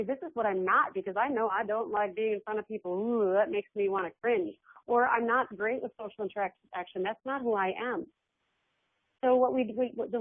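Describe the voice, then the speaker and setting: A woman giving a webinar talk as an energy healer, animated and acting out the words of her clients. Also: fairly high pitch, no room sound. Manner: animated, acts out quoted clients. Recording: phone-like webinar audio.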